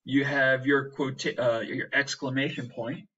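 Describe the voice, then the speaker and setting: A man's voice: medium pitch, flat delivery, a little slow, pushed and bright. A man teaching a class, walking through each point patiently and ending many lines with "right?". He sounds a little far from the mic. The recording is dull and lo-fi. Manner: explains step by step, tags lines with "right?". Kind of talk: recorded writing lesson.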